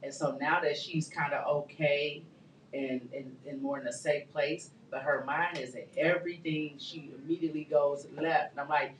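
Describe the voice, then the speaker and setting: A woman's voice: low voice, fairly even intonation, normal speed, a little hiss or hum. A woman hosting a radio talk show, chatting loosely and asking rambling questions. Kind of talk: casual studio chat. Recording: echoey studio, mic at a distance.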